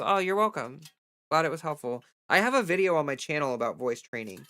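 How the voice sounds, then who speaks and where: A woman's voice: deep voice, animated, a little fast, fairly bright tone, no echo, clean studio sound. A woman livestreamer chatting candidly and giving advice in a casual way.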